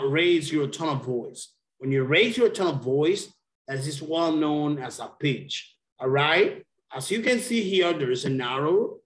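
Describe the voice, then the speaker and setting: A man's voice: a little high, roomy sound. A man teaching English in an online lesson, patiently explaining pronunciation and encouraging his student. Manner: patient, encouraging, slow and deliberate.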